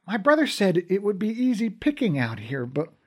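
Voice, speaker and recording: A man's voice: sits high, huge pitch swings, normal speed, voice pushed up, full character voice. A man voicing a small, frightened young male brownie thief who stammers. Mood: scared. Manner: stammering, timid.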